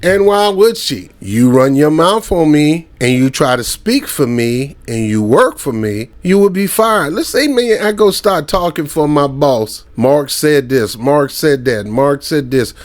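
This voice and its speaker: A man's voice: on the high side, lively intonation, a little slow, hardly any pauses. Heated, slangy man ranting on camera. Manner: heated, slangy, mocking, with laughs and anecdotes. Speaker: commentary channel host. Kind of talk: casual ranting commentary.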